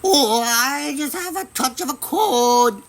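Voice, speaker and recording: A man voicing a cunning male wolf who fakes a frail grandmother's voice, in a croaky, squeaky tone. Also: expressive, slow pace, exaggerated voice. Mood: sly, wheedling.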